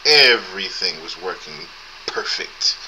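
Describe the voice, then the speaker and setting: A man's voice: low-pitched, animated, a little slow, sharp tone, a little hiss or hum, poor audio. A man in his thirties with a thin voice, hosting a live podcast in a casual, laid-back, profane way and chuckling often, recorded on a camera's built-in mic. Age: 30s. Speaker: podcast host. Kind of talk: casual live-stream chat.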